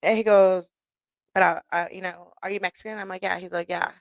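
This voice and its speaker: A woman's voice: lowish voice, fairly even intonation, brisk, gravelly, no room sound. A woman radio host, talking in a blunt, profane, casual monologue and laughing often. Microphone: studio mic.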